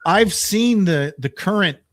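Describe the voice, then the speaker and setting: A man's voice: high-pitched, animated, measured pace, a bit bright, dry recording, clean studio sound. A man co-hosting a radio show, easygoing in casual chat and humming guitar riffs.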